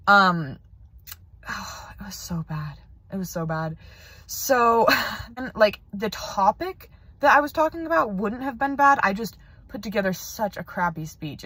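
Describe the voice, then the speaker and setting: A woman's voice: mid-range voice, fairly bright tone, no room sound. A teenage girl records a casual video message from her parked car, rambling and chatty with plenty of "like.". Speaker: video pen pal.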